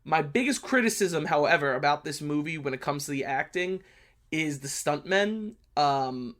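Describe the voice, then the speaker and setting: A man's voice: a little high, animated, normal speed, a bit bright. A man with a blunt New York accent, hosting a history channel and casually talking through a movie review. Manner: blunt, brash, chatty with many fillers.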